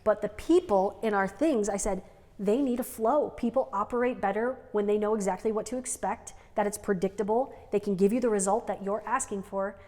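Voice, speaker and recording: A woman's voice: mid-range voice, brisk, darkish tone. Rambling woman co-host, reverberant room. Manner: rambling, frequent "like" and "right?" tags. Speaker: podcast co-host. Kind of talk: unscripted couple's podcast chat. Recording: long reverb.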